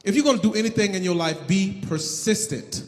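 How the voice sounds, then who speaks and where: A man with a very high voice doing animated, loud stand-up comedy. His punchlines ring through the room with a long hall reverb. Faint noise sits behind him. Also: fairly quick. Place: live comedy venue.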